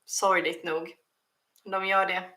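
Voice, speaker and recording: Fairly low, level, and slow, her voice comes across pushed and bright. A streamer from Sweden whose native tongue is Swedish, she runs a casual livestream Q&A, reading viewer questions aloud and starting sentences over often.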